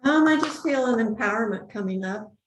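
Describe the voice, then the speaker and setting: A woman's voice: on the high side, expressive, a little fast, reverberant, slight background noise, rough recording. A woman participant sharing hesitantly in a group workshop.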